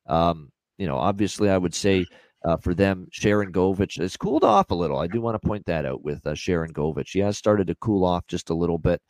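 A man's voice: deep voice, animated, a little mellow, no room sound. A man hosting a sports betting show, talking casually with many fillers. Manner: quick, chatty, many fillers. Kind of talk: casual betting analysis chat.

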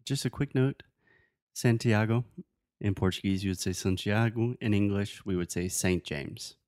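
A man's voice: on the low side, moderate pace, darkish tone, no echo, studio quality. A man co-hosting a casual chat, patiently and playfully coaching his partner's English pronunciation. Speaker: co-host teaching English. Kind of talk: casual language-lesson chat.

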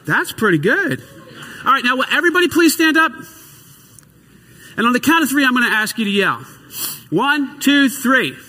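A tired man preaching a sermon to a congregation in a church, swinging between loud emphasis and quiet asides. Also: very high voice, big pitch swings, normal speed, pauses often, in a large hall, background noise. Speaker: pastor.

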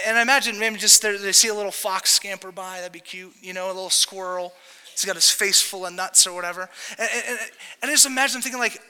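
Male pastor, high, bright voice, casual joking preacher, reverberant hall. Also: steady tone, fast, smooth. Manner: casual, joking preacher who acts out quotes. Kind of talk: sermon.

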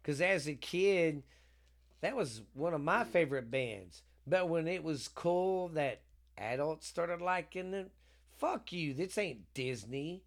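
A man's voice: a little high, animated, takes it slowly. Rambling profane man. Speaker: podcast co-host. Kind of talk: casual podcast chat.

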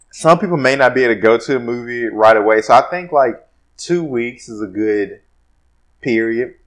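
A man co-hosting a podcast, chatting casually and teasing his friend with jokes. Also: mid-range voice. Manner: joking, teasing banter. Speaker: podcast co-host. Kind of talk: casual chat.

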